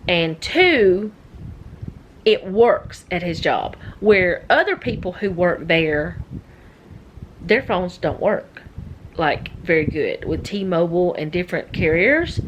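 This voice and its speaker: A woman's voice: fairly low pitch, lively intonation, unhurried, dull audio, a little hiss or hum. A middle-aged woman chatting casually as a vlogger, rambling and easily sidetracked. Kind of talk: casual chat.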